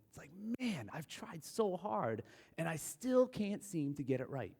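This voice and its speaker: A man's voice: on the high side, sing-song, unhurried, pauses often, a little mellow. A man giving a conversational sermon, candid and self-deprecating, telling stories about himself. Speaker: guest preacher. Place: church sanctuary. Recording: long hall reverb in a church.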